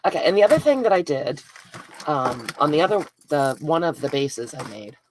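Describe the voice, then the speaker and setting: A woman with a low voice hosts a live craft stream from home. She chats easily with viewers by name and laughs at her own slips. A faint hiss sits under the recording. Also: big pitch swings, moderate pace. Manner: chatty, self-deprecating, talks to viewers by name. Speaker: craft video host.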